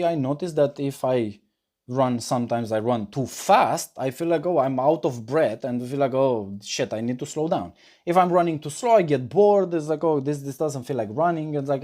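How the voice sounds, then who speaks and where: A life coach, a man, talks through listeners' questions with a warm, relaxed tone. He thinks aloud, reworks his sentences mid-thought and leans on examples from his own life. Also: fairly high pitch. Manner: explains through personal examples. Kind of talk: answering audience questions in a monologue.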